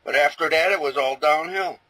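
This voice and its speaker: A man's voice: fairly high pitch, brisk, bright, forceful tone, dry recording, rough recording. A man in casual talk, speaking earnestly and emphatically while giving advice. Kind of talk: casual chat. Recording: dry radio-show recording.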